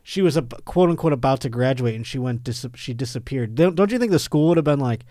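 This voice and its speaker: A man hosts a comedy podcast, reading out strange news and riffing on it with frequent laughs. His voice sits at an ordinary middle pitch and is recorded dry and close in a studio. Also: lively intonation, quick pace, mellow, dry recording. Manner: joking, riffing on news stories, laughs often. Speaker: podcast host.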